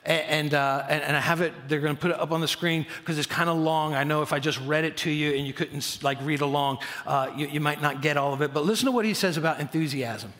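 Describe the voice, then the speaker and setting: A man preaching a sermon as pastor, energetic and animated, often stammering and restarting his words. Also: fairly high pitch, fast, hardly any pauses. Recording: long hall reverb.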